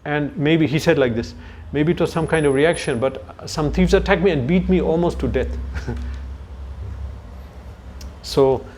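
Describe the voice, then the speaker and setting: A man lecturing on scripture to a youth audience, his voice pitched somewhat above the usual male range. He talks like he's telling stories, stopping now and then to hunt for a word or to check in with his listeners. A faint hiss runs under the recording. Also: unhurried, a little mellow. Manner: conversational storytelling with asides to listeners; searches for words mid-sentence. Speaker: spiritual lecturer.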